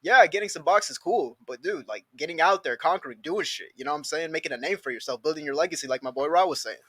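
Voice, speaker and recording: A man's voice: a little high, quick pace, sharp tone, slightly rough, dry recording. A man in a studio podcast, speaking earnestly in casual talk, often saying "you know what I'm saying".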